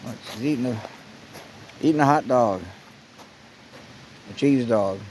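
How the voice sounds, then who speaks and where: A man filming a relaxed, rambling camping vlog at an outdoor campsite on a handheld camera. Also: mid-range voice, a little slow, low-quality recording. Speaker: vlogger. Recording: faint outdoor noise.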